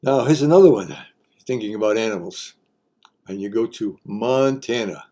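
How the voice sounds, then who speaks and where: Older man, low mellow voice, folksy wry explainer, joking asides. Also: normal speed. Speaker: host. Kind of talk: casual explainer monologue.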